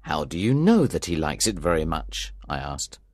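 A man narrating a story for an audiobook in a clear, expressive reading style. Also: extremely low pitch, normal speed, no echo, studio quality.

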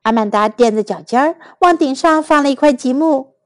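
A woman reading a children's picture book aloud slowly and clearly, in two languages. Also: high-pitched, dry recording. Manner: slow, clear, expressive reading. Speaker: storyteller. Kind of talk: bilingual storybook read-aloud for children.

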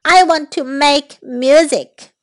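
A woman voicing a little young male duck who longs to sing, pleading in a raised voice. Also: slow pace. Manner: pleading, higher and brighter than her narration.

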